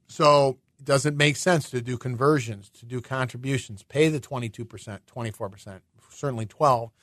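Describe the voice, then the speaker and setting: A man's voice: medium pitch, moderate pace, fairly bright tone, dry recording. Chatty male finance radio host, dry sound. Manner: chatty, thinks aloud with restarts and rhetorical questions. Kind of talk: explanatory radio talk.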